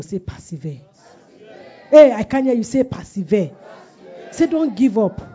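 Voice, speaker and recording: Woman preaching, husky mellow voice, call and response with the church, dull lo-fi sound. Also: mid-range voice. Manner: call-and-response, repeats phrases for emphasis. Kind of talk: sermon.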